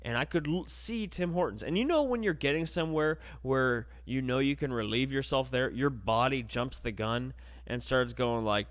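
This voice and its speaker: A man's voice: medium pitch, normal speed. A young man hosting a podcast, telling a crude comedic story and acting out the voices. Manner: animated, crude, acts out voices. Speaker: podcast host.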